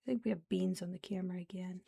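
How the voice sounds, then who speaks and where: A young woman streamer chatting casually while she crochets, rambling along with soft laughs and half-whispered asides. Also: on the low side, steady tone, quick pace, vocal fry, husky. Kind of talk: casual chat while crafting.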